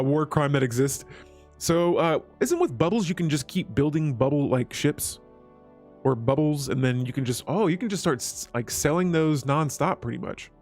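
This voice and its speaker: A man hosting a strategy game let's play, chatting casually with his viewers as he clicks through menus. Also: fairly high pitch. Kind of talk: gameplay commentary.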